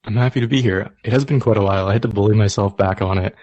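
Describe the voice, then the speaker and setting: 淡々と冗談を言う低い声の男性ゲスト. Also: male voice, very fast, a little mellow, no echo, muffled recording. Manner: dry, low-key humor. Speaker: podcast guest, martial arts writer. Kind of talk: casual podcast chat.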